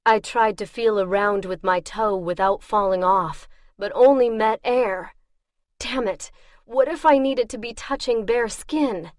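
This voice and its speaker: Measured woman narrator for a first-person fantasy audiobook; slow, wry delivery. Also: medium pitch, no room sound, studio quality.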